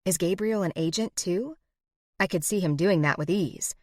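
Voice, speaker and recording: A woman narrating a first-person romance audiobook in an expressive, wry way, close to the mic. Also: lowish voice, moderate pace, dry recording.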